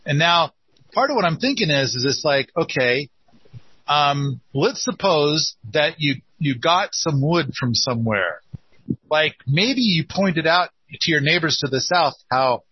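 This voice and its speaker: A man's voice: a little high, expressive, unhurried, slightly rough, dry recording, lo-fi sound. A man hosting a casual call-in chat, speaking in a playful, teasing way. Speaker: host.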